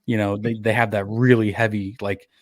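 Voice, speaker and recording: A man with a New York accent speaks on a podcast in a loose, rambling way, often stopping and restarting his thoughts. His voice sits on the low side. The sound is close and dry, with no room echo. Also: little pitch movement, moderate pace. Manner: rambling, self-correcting storyteller. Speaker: podcast co-host. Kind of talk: casual chat.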